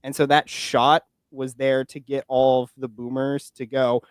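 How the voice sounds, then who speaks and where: A man's voice: medium pitch, flat delivery, measured pace, smooth, dry recording, clean studio sound. A man in his twenties chatting casually about politics, rambling, with many fillers and restarts. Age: 20s. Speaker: podcast guest and political commentator.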